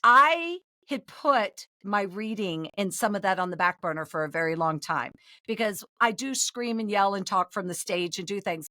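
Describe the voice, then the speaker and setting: A woman's voice: medium pitch, sharp tone, dry recording, studio quality. A woman guest on a podcast, gushing and emotional, telling stories in a bubbly, chatty way. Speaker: guest performer. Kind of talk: effusive casual interview chat. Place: home studio.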